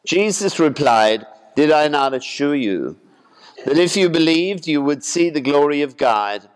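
A man reads the gospel and then preaches in a slow, deliberate manner, his voice sitting a touch high for a man. His tone is smooth and resonant. The sound carries the long echo of a church. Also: lively intonation. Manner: slow, measured, deliberate delivery. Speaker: priest. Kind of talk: gospel reading and homily.

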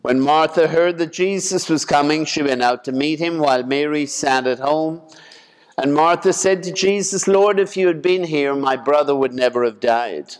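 A man, a priest, reading a gospel passage aloud and then preaching on it in a slow, measured way. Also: on the high side, clean tone. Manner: slow, measured, deliberate delivery. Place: church. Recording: long church reverb.

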